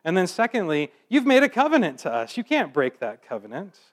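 A man with a slightly higher voice delivers a sermon. He reads scripture in a measured way, then shifts into easygoing, conversational explanation for his listeners. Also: huge pitch swings. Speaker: preacher.

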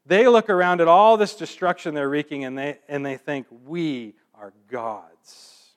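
Man, preacher, sermon, slightly high voice, reads scripture then explains casually. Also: clean tone. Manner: reads scripture slowly, then explains in relaxed conversational asides.

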